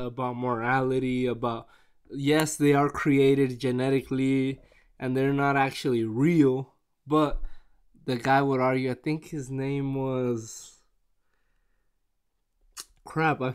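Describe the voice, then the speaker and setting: A man chatting casually on camera in a rambling, excitable way, with many restarts. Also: medium pitch, clear, resonant tone. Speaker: vlogger reviewing a movie. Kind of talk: casual chat.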